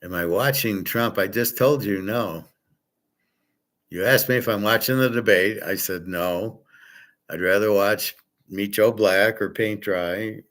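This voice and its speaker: A man's voice: on the low side, unhurried, a bit bright. A man hosting a livestream, chatting casually and answering viewers' questions in a blunt, opinionated, wandering way. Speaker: livestream host answering chat. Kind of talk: casual rambling chat.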